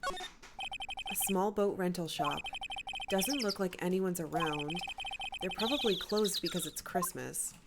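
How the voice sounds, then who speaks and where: A woman's voice: sing-song, takes it slowly, long pauses, exaggerated voice. A woman reading an earnest young male lawyer. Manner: reading game dialogue aloud, low and level. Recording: clear background noise.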